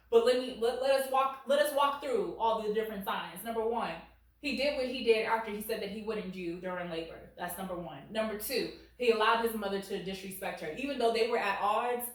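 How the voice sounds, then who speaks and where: A woman in her late twenties reading reddit stories at home with blunt, animated commentary, peppered with "like". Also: medium pitch. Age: late 20s. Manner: blunt and animated, heavy use of "like". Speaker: reddit story reader. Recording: very echoey room, far from mic.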